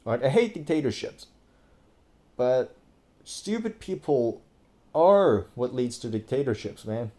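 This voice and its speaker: A Thai political commentator, recorded indoors over a screen recording, gives casual, profane, exasperated commentary packed with fillers and restarts. His medium-pitched voice swings widely in pitch and has a warm tone. He talks a little slowly and pauses often.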